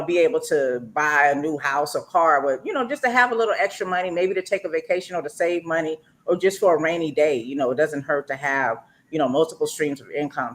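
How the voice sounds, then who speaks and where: Chatty lady host, lots of um and you know, relaxed talk show vibe. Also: sits low. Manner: chatty, many fillers and restarts. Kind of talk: casual talk show hosting.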